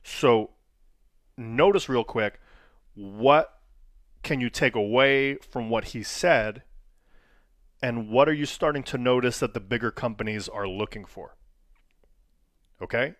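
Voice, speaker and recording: A man of middle pitch leads an online training lesson, asking his viewers question after question. He coaches in a plain, direct way. The recording is dry and close. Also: slow pace, long pauses, a bit bright, no echo. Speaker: wrestling coach.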